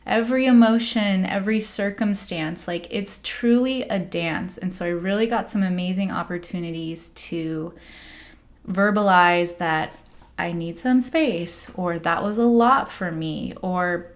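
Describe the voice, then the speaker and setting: A woman's voice: lowish voice, measured pace. Candid rambling American woman. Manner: candid, rambling, with frequent "like" fillers and soft laughs. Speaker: spiritual coach and podcast host. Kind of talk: casual confessional monologue.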